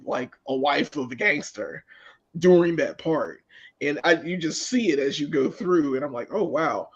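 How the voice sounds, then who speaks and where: A man's voice: a little high, animated, a little slow, husky. A man chatting casually in a group movie review, rambling and repeating himself with enthusiasm. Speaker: podcast co-host. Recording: dull lo-fi sound.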